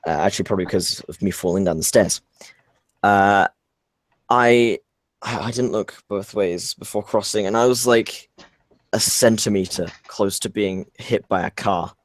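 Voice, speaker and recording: A young man talks casually on a podcast call, stumbling through a story with many fillers and restarts. His voice sits fairly low and comes through close and dry, with no room sound. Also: measured pace, dry recording. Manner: rambling, hesitant, lots of fillers. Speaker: podcast co-host.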